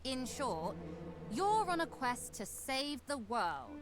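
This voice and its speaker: A woman's voice: high-pitched, big pitch swings, slow pace, full character voice. A woman voicing a kind, sensible female fairy in a game, talking earnestly and persuasively, with game music behind her.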